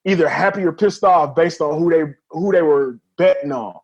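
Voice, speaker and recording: A man's voice: a little high, normal speed, muffled recording. A man co-hosting a wrestling podcast in casual chat, telling stories animatedly and acting out quotes. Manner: animated storyteller, acts out quotes, laughs often. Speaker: podcast co-host.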